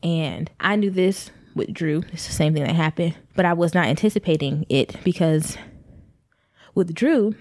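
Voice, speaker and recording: A young woman who is pregnant recounts her own story to her viewers with a somewhat low voice. She rambles candidly and speaks to them directly. The sound is dry, with no room echo. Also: moderate pace, darkish tone. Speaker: vlogger. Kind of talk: personal storytelling to camera.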